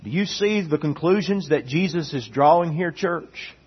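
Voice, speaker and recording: A man's voice: a little high, expressive, normal speed, slightly rough. A man preaching a sermon as pastor, emphatic and repetitive, reading scripture aloud, recorded in dull lo-fi sound.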